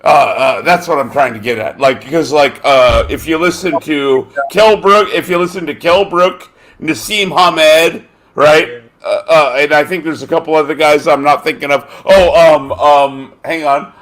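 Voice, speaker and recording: A man's voice: on the high side, a little slow, a bit bright. A man hosting a casual chat, rambling and swearing, often groping for names with lots of fillers. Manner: rambling and profane, gropes for names with many fillers. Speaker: podcast host.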